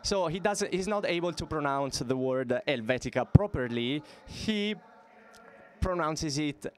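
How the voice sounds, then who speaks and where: A man interpreting a stage talk into English, halting and using fillers. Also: a little high, lively intonation. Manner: halting, with frequent fillers and restarts.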